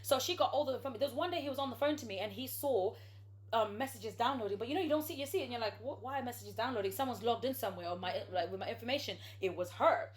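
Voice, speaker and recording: A young woman telling a story on a podcast in casual chat, acting out the people she quotes. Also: on the high side. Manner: animated, quick storytelling with acted-out quotes.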